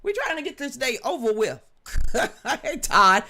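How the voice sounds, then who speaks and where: A woman hosting a casual live stream into a studio microphone, chatting with viewers in a loud, blunt and joking way, laughing often and swearing freely. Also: high voice, very animated, a little slow. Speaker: livestream host. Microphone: studio microphone with a level meter.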